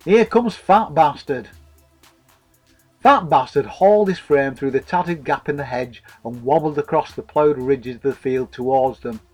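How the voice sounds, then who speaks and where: A man's voice: mid-range voice, moderate pace, few pauses, darkish tone, faint music behind, rough recording. A man narrating a comic story in a dry, wordy, mock-formal way.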